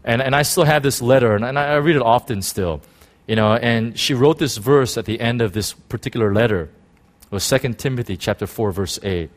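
A man in middle age, preaching a sermon to his congregation. He bursts into shouting, then drops to a hushed, intimate tone, stumbling over restarts and "you know" as he goes. His voice sits at an ordinary middle pitch for a man. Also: fairly quick. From United States. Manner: swings between shouting and soft, hushed talk. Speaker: pastor.

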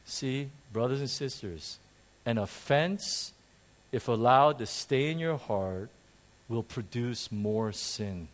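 A man preaching a sermon in a church to a congregation, animated and self-deprecating, joking and repeating phrases for emphasis. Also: medium pitch, slow pace. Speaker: pastor.

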